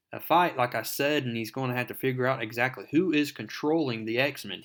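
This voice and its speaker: A man's voice: mid-range voice, a bit bright. A man narrating a comic book recap with enthusiasm, talking to his viewers as folks.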